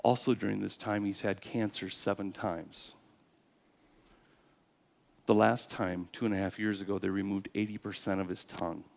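Man, pastor, sermon, low voice, earnest, loud peaks and soft drops. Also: level tone, creaky. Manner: earnest, swings between loud emphasis and quiet, slowed phrases.

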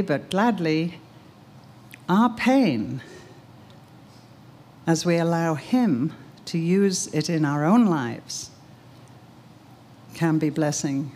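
A woman's voice: sits low, takes it slowly, long pauses, darkish tone. An older woman giving an earnest, emphatic sermon, telling a story and reciting a poem. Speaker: speaker, teacher.

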